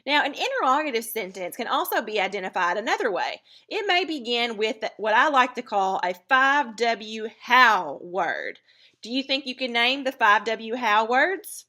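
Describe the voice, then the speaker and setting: A woman's voice: on the high side, sing-song, moderate pace, pushed and bright. A woman teacher explaining grammar step by step in a recorded lesson.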